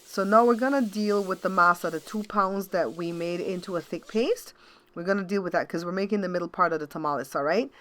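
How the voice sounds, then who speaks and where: A woman's voice: lowish voice, a little fast, a bit bright, a little hiss or hum. A middle-aged woman hosting a home cooking show, chatting casually to her viewers as she works in the kitchen and often checking in with them. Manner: chatty, talks straight to viewers with frequent checks like "okay?".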